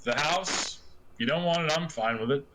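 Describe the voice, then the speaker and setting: A man's voice: a little high, normal speed, noisy background, natural voice. Man playing a friendly folksy country fellow. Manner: folksy, hesitant. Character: friendly rustic man, grateful and easygoing.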